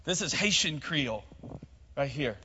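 A man's voice: on the high side, animated, measured pace, pushed and bright, a little hiss or hum. A man preaching a sermon as pastor, calling on the congregation to join in and speak. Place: church hall. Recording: muffled sound with long hall reverb.

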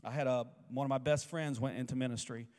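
A man's voice: mid-range voice, steady tone, fast, darkish tone. A male pastor preaching a sermon in an emphatic way, asking the congregation to repeat lines after him. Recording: echoey hall with long reverb.

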